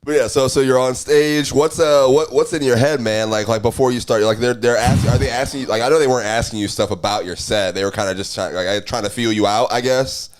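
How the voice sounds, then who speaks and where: A man hosts a loose, casual podcast conversation in an ordinary mid-pitched voice. He talks in an easygoing, slangy way and laughs readily. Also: fairly even intonation, a little fast, hardly any pauses. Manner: laid-back, laughs easily, slangy. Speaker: podcast host.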